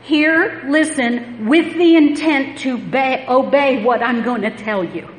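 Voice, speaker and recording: A woman with a fairly high voice preaching a sermon in a roomy, echoing hall, with faint noise behind her. She stresses key words emphatically, her voice climbing as she drives each point home. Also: slow. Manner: emphatic, rising in pitch and volume when stressing words.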